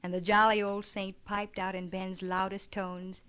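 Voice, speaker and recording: A woman reading an abridged children's classic aloud, gently expressive, giving the children's lines a light lift. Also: mid-range voice, measured pace, clear, resonant tone. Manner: gentle, expressive narration with lively dialogue. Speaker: audiobook reader. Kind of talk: storybook reading with light character voices.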